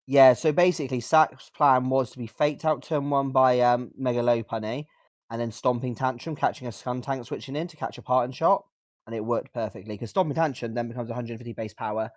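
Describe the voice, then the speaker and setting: A young man talks casually on a gaming podcast, loose and chatty, with plenty of "like" and "uh". His mid-range voice has a slight rough edge from a lingering cough. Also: medium pitch, brisk, no room sound, studio quality. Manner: relaxed, chatty, uses fillers like "like" and "uh". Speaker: podcast co-host. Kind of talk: casual gameplay commentary.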